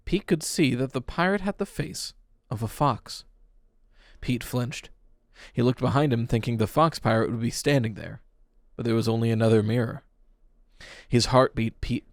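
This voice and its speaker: A man reads a spooky story aloud in an even, middle-pitched voice, leaning into the tension. The recording is dry and close. He lifts his voice for the frightened moments. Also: no echo. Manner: expressive reading, raising voice for tense dialogue. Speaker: audiobook narrator. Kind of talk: dramatic audiobook narration.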